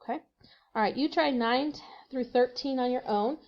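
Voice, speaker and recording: A woman's voice: sits high, normal speed, gravelly. A woman teaching a recorded language lesson, patiently walking through exercises and spelling out words letter by letter. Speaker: Spanish teacher. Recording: dull lo-fi recording.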